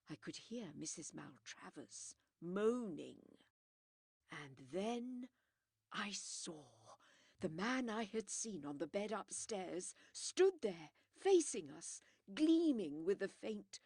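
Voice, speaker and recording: A woman reads a classic mystery aloud, slowly and deliberately, letting pauses build tension. Her pitch moves expressively, and the recording is close and dry. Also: darkish tone, breathy edge, no echo. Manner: measured storytelling, dramatic pauses. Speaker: audiobook narrator. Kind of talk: scripted narration.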